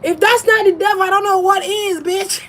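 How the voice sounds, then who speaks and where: A woman's voice: very high voice, steady tone, moderate pace, a bit bright. A woman tarot reader ranting on a casual livestream, blunt, profane and defiant, laughing often.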